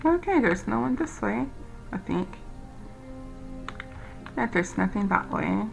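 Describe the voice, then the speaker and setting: Soft-spoken woman musing over a game. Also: medium pitch, animated, takes it slowly, creaky, soft background music, poor audio. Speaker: game streamer. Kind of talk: let's-play commentary.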